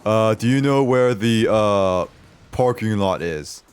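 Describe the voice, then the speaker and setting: A man's voice: lowish voice, expressive, clean tone. A man voicing a drunk young man who slurs and drawls his questions while telling a story. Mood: drunk, confused. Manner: slow drawling slurred questions. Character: drunk young man at night, slurring, lost.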